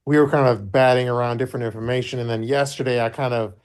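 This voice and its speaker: A man's voice: medium pitch, steady tone, quick pace. A man hosting a podcast, rambling in casual chat with frequent swearing and gossip. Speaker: podcast host.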